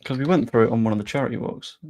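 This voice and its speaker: A man's voice: medium pitch, very fast, a little mellow. A young man chatting casually on a live stream about football, rambling with self-deprecating asides.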